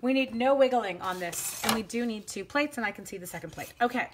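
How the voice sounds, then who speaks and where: A woman's voice: medium pitch, a little fast, few pauses, background noise. A middle-aged woman demonstrating card making, chatting with viewers in a giddy, self-teasing way. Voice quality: sings little la-la runs between steps. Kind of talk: live crafting demo chat.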